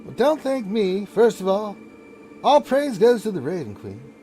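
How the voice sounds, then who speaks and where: A man's voice: high voice, sing-song, measured pace, mellow, soft background music, pitched above the performer's own voice. A man voicing a chatty, smug male raven who loves crackers.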